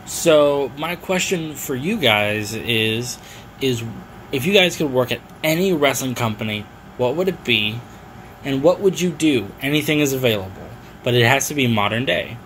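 A man's voice: mid-range voice, expressive, moderate pace, fairly bright tone, slight background noise, poor audio. A man leaving a friendly, straightforward voice message asking a podcast a question. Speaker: caller. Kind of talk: recorded listener voice message.

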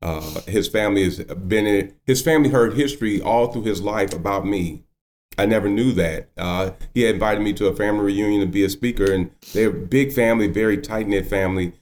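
A man's voice: lowish voice, brisk, a little mellow. A man in his fifties, a judge, telling his personal story earnestly and with emotion. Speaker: guest, county judge.

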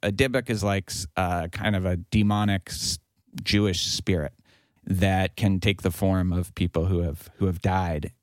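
Low-voiced man retelling a film plot. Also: steady tone, unhurried, no echo, studio quality. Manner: long retelling of a story with acted quotes, many fillers. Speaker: podcast panelist. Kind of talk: casual film discussion.

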